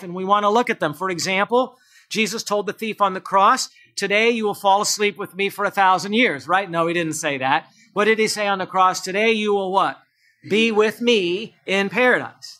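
High-voiced, bright preaching man. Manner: preaching with rhetorical questions to the congregation; shifts between emphatic high delivery and low quiet asides. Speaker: pastor. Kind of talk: sermon.

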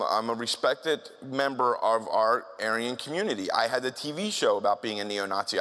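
A man's voice: medium pitch, bright, forceful tone. A man speaks at a talk in a mid-range voice and tells his story candidly in a conversational way, often stopping to restart a sentence. His voice echoes with long reverb through a large hall. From South Philadelphia, USA.

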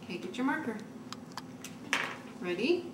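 Woman, mother, patient and encouraging, slow lilting delivery; far-off roomy home-video sound. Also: fairly high pitch, very animated. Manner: slow, encouraging, sing-song prompting. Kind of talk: home video, coaching a toddler. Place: family home, indoors. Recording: roomy home room, mic far off, background noise.

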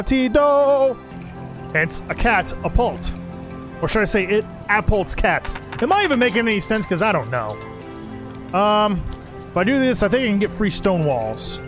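A young man giving joking, animated commentary while playing a game, swearing and talking to the characters. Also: high voice. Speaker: gaming channel host. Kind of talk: casual gameplay commentary.

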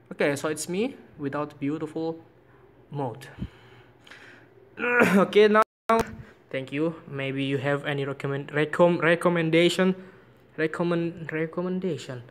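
A man vlogging casually about phone apps, speaking halting English with frequent restarts and searches for words. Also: fairly high pitch, slight background noise. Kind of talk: casual phone-app vlog.

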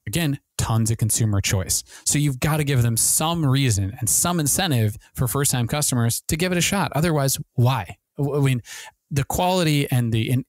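A man hosting a marketing podcast, talking very fast with many restarts and fillers. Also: mid-range voice, a little mellow, dry recording. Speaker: podcast host and ad consultant.

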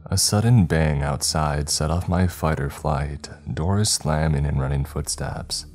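A man narrating a horror story in a measured, dramatic way. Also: very deep voice, darkish tone. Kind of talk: scripted narration. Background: faint background music.

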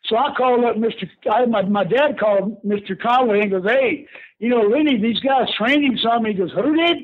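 Over a tinny phone line, an older former pro wrestler from Houston, Texas, guests on a call and casually tells stories, acting out the people he quotes and laughing often. His voice is high-pitched and brisk.

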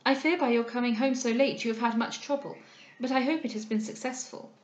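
A woman's voice: on the high side, a little fast, reverberant, close to an everyday voice. A woman voicing an anxious, earnest young heiress in a novel reading, asking urgent, pleading questions.

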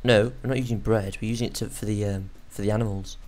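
A man co-hosting a casual Let's Play, playful and giggly, who jumps into high squeals when excited. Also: fast talker. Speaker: gaming channel co-host.

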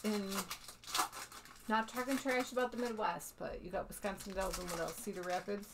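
A woman from Arizona co-hosting a card break, chatting and teasing in a relaxed, talkative way. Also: medium pitch, gravelly. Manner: chatty, teasing, quick questions. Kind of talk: casual card-break chat. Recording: noisy room.

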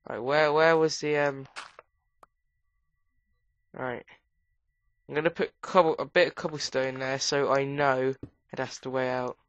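Low-voiced woman gamer with a cold. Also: steady tone, a little slow, pauses often, dry recording. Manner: rambling, with sudden high squeals. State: has a cold. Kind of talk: casual let's play commentary. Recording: dull lo-fi recording.

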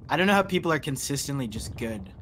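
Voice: mid-range voice, expressive, fast, fairly bright tone, a little hiss or hum. A player chatting easily with friends over headset voice chat during a shooter game, chuckling often. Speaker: stream guest and teammate. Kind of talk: casual gaming chat.

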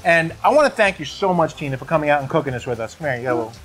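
A man's voice: fairly high pitch, lively intonation, very fast, a bit bright, soft background music. A man hosting an outdoor cooking video at his grill, chatty and enthusiastic, often repeating his words. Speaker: host of a grilling channel. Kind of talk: casual cooking video chat.

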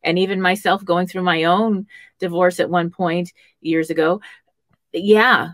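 A woman's voice: on the low side, steady tone, unhurried, dry recording. A woman hosting a conversational radio talk show, affirming her guest and sharing her own experience. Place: radio studio.

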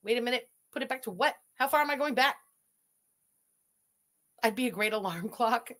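A woman's voice: fairly high pitch, moderate pace, fairly bright tone. A woman giving sarcastic, swearing reaction commentary on a livestream. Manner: sarcastic, scathing, swears freely.

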